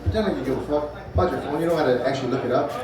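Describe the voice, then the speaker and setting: A man's voice: medium pitch, very fast. A man in his forties doing a loose, profane stand-up set, chatting with the crowd between bits. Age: 40s. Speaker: stand-up comic. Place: comedy club stage. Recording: echoey club from far off, crowd laughing. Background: audience laughter.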